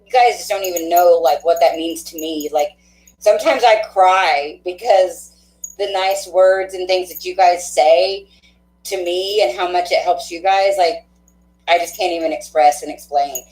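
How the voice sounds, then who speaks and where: A woman hosting a spiritual card-reading livestream, chatting warmly and laughing often, with a stuffy nose. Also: lowish voice, normal speed, a little hiss or hum. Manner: affectionate, chatty, laughs often, many fillers. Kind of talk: casual livestream sign-off chat. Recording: echoey room.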